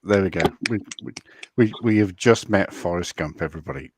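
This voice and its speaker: A man co-hosting a casual online chat, animated and prone to stammered restarts. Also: sits low, brisk, slightly rough, dry recording.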